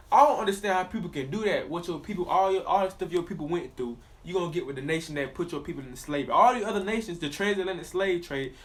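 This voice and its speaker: Casting: man with a fairly high voice, emphatic and repetitive, preaching straight to the viewer. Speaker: religious commentator. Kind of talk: preachy monologue with scripture reading.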